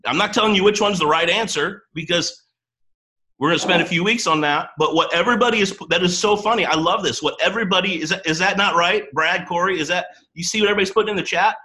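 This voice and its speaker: A man hosts a live boot camp session for his team, talking fast and excitedly and rambling from thought to thought. His voice sounds bright and forceful, with a touch of early-morning roughness. He jumps eagerly between topics. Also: high-pitched, poor audio. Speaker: host of a coaching boot camp. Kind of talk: upbeat livestream talk to a team.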